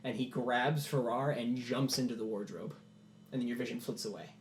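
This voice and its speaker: A man narrating a tabletop game as game master, in animated storytelling. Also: medium pitch, normal speed, reverberant, a little hiss or hum. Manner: animated storytelling, many "like" fillers.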